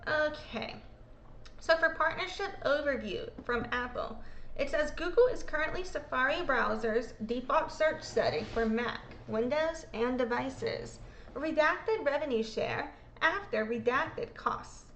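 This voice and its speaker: Woman host, high voice, echoey room, irreverent, swears, reads legal exhibits casually. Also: measured pace, fairly bright tone, a little hiss or hum. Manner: irreverent, swears freely, self-mocking. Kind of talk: casual commentary reading court documents.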